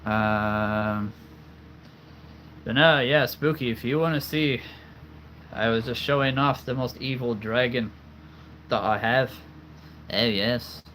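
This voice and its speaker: A man's voice: medium pitch, slow pace, pauses often, fairly bright tone, a little hiss or hum. A man chatting casually on a livestream, answering viewers with frequent laughter while losing his voice. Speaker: livestream host.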